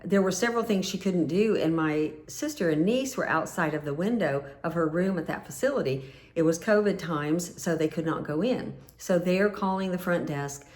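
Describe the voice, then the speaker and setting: A middle-aged woman with a low voice tells a personal story. She is close to tears. Her talk wanders, full of restarts and fillers. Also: normal speed, darkish tone. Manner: rambling, with many restarts and fillers.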